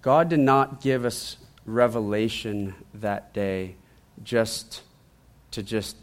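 A man preaching, telling a testimony in a lively storytelling way and often repeating his words as he goes. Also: lowish voice, takes it slowly. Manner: animated storytelling, acts out quoted voices, repeats words.

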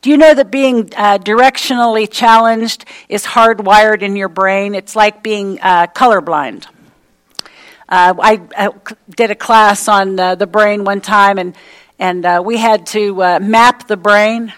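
A woman's voice: mid-range voice, steady tone, a little slow, poor audio. A woman preaching a sermon, emphatic and repetitive, with folksy everyday asides.

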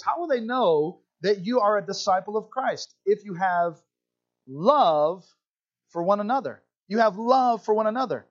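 A man with a Southern country accent, preaching a sermon to his congregation, talking to them directly with animated asides. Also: high voice, normal speed, highs cut off. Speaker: pastor.

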